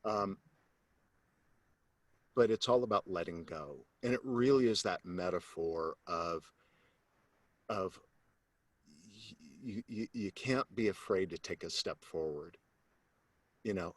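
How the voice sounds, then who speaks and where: A man, a sales coach, telling a personal story as an interview guest, animated and acting out the voices of the people in it, then turning low and earnest to make his point. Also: a little slow, long pauses, no echo. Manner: animated storyteller who acts out quoted voices; drops to a low, earnest tone when making a point.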